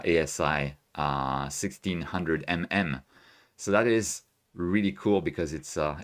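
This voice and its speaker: A man hosting a casual live stream, chatting loosely and reading viewer messages aloud from home, with lots of fillers and restarts. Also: low voice. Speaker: astrophotography livestream host. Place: home room with equipment.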